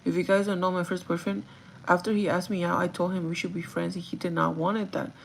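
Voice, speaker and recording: Young woman, low voice, gravelly, livestream chat, rambling, "like" fillers, Spanish words mixed in. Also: little pitch movement, quick pace, a little hiss or hum, rough recording. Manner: chatty, confiding, many "like" fillers. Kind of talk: casual get-ready-with-me chat.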